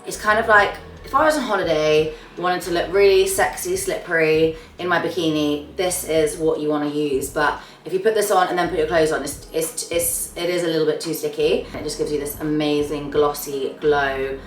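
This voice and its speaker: Her voice sits low and steady as this young beauty vlogger runs through her monthly favourites at a moderate pace, barely pausing, gushing and trailing off at phrase ends. The casual to-camera chat is captured on a distant mic with a roomy sound, a bit off mic, with faint music and a little hiss or hum.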